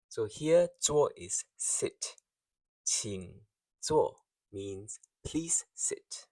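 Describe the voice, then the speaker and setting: A man's voice: fairly low pitch, lively intonation, very slow, dark tone, dry recording, distant mic, low-quality recording. A man teaching a beginner language lesson, speaking carefully and repeating each phrase so learners can follow.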